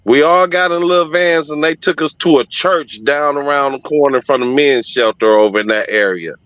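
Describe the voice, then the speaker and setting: Middle-aged man, forceful bright tone, emphatic and heartfelt storyteller, dry dull lo-fi recording. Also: a little high, normal speed, no echo. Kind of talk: personal storytelling.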